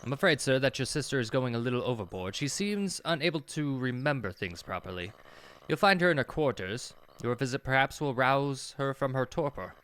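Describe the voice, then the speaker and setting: A man's voice: medium pitch, lively intonation, fairly quick, a bit bright, smooth, lightly acted. A man voicing an elderly male servant in a game, speaking formally and deferentially. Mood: sorrowful. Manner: formal, deferential, calls everyone sir. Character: elderly male family servant, humble and sorrowful.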